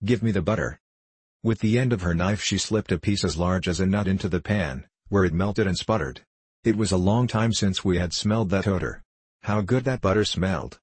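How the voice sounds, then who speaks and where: Male audiobook narrator: very low, husky, steady measured read, dry close sound. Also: no room sound.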